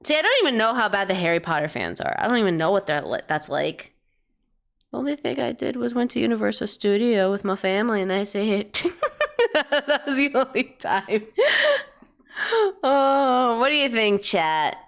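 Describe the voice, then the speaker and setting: A woman streamer chatting casually to her chat while picking reaction videos, rambling, swearing offhand and breaking into excited bursts. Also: fairly high pitch, moderate pace.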